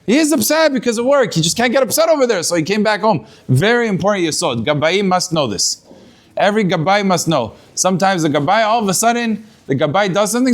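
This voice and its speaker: A man's voice: high-pitched, lively intonation, a little fast. A man, a rabbi, giving a weekly Torah talk, telling stories and acting out the people in them, with Hebrew words mixed into his English. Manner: storytelling, acts out quoted voices, mixes in Hebrew words.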